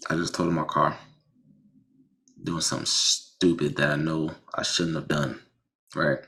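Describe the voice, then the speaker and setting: A man casually telling a personal story about a car accident, animated, with frequent restarts and blunt swearing. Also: a bass voice, normal speed.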